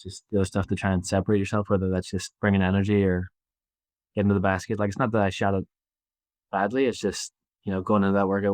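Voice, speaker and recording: A man in his twenties with a Belfast accent, talking casually as an interview guest, relaxed and halting with many fillers. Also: low-pitched, dry recording. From Northern Ireland. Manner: easygoing, halting, lots of fillers and restarts. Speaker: basketball player guest.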